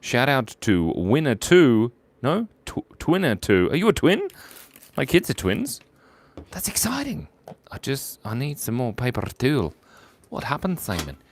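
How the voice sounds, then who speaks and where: A man's voice: mid-range voice, sing-song, moderate pace. A man hosting a live drawing stream, joking playfully and narrating each stroke as he draws viewers' ideas. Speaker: livestream drawing host.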